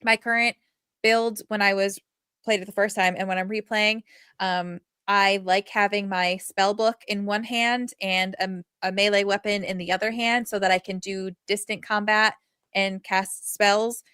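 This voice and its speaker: A woman co-hosting a podcast in casual chat, animated and rambling with many fillers. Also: mid-range voice, moderate pace, smooth, no echo, clean studio sound. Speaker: podcast co-host.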